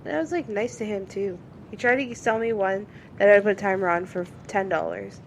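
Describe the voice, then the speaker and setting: Swearing, animated woman podcast co-host. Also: medium pitch, normal speed, slight background noise. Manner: animated storyteller, swears freely, acts out both sides of calls. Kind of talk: casual chat.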